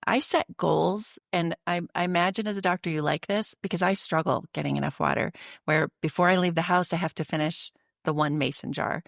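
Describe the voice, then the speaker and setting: A woman's voice: lowish voice, steady tone, brisk, gravelly, no room sound, clean studio sound. A woman hosting a podcast, summing up her guest's points and asking follow-up questions in a conversational way. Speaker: podcast host. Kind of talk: podcast interview.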